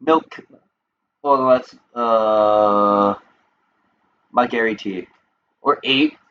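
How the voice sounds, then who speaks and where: A man's voice: on the low side, very slow, highs cut off, slight background noise. Rambling, joking male streamer. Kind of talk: casual gameplay stream chat.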